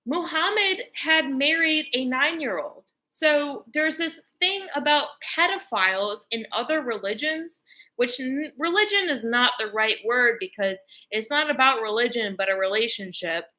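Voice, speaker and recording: A woman's voice: high voice, animated, moderate pace, sharp tone, low-quality recording. A woman vlogger talking straight to camera in a casual, rambling rant, emphatic and heavy on filler words. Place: lives in Texas, speaking to camera.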